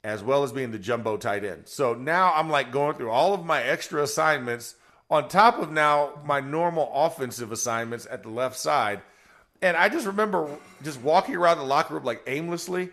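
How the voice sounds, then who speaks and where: A middle-aged man, a former football player, telling a story on a podcast in a lively way, acting out quotes and laughing. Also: fairly high pitch, normal speed. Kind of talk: animated storytelling.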